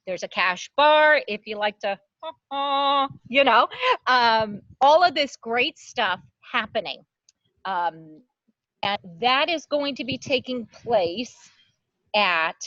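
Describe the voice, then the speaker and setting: Slow-talking bright-voiced woman host. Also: fairly high pitch, dry recording, highs cut off. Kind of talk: casual chat. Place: public access studio.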